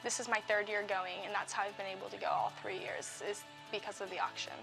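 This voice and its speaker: A woman's voice: mid-range voice, flat delivery, quick pace, vocal fry, over music, low-quality recording. A teenage girl student sincerely recounting a school trip in an interview.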